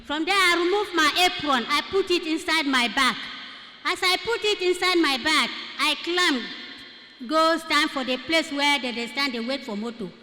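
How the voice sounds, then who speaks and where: A woman's voice: sits high, moderate pace, bright, forceful tone. A Nigerian woman giving a testimony in church, telling her story with Pidgin phrases mixed in. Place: church hall. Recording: echoey church hall.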